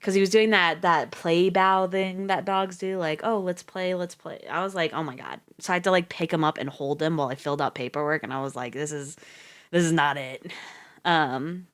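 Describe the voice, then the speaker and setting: A woman's voice: deep voice, fairly quick, a bit bright. A woman streamer chatting casually on a reading livestream, rambling and chatty, laughing often and swearing freely.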